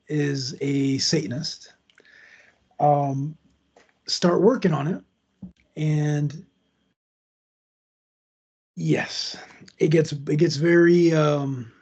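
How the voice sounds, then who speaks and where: A man's voice: on the high side, slow pace, pauses often, a little mellow, husky, lo-fi sound. A man hosting a podcast, casually retelling a true crime story in a loose, conversational way with asides. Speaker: podcast host.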